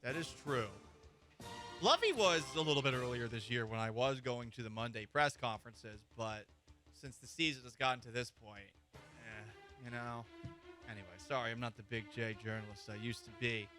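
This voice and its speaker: A man's voice: medium pitch, normal speed, bright, forceful tone, faint music behind. A man hosting a sports talk radio show, opinionated and joking as he riffs on football. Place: radio studio.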